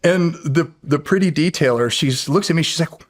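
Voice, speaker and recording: A middle-aged man, a podcast guest, telling a story in casual, animated fashion, often laughing and restarting his sentences. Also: a little high, a little fast. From United States. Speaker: podcast guest, former Navy SEAL.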